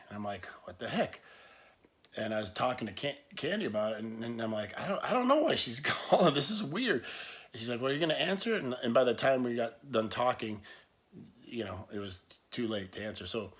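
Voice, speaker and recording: A man's voice: mid-range voice, a bit bright. A man telling a rambling personal story to camera, full of restarts, asides and laughs. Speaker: vlogger.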